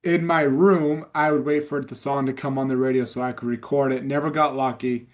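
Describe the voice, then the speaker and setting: A man in his thirties hosting a casual chat, eager, reminiscing and quick with short replies. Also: medium pitch, fairly even intonation. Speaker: podcast host.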